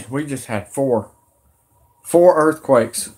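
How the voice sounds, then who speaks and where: A man's voice: medium pitch, a little slow. Urgent, rambling male live streamer. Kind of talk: excited live stream talk.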